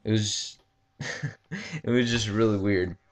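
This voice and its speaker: A man's voice: on the low side, lively intonation. Rambling, um-filled young man telling a story. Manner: rambling, halting, full of ums and likes; casual swearing. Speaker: gaming commentator. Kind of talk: casual storytelling over gameplay.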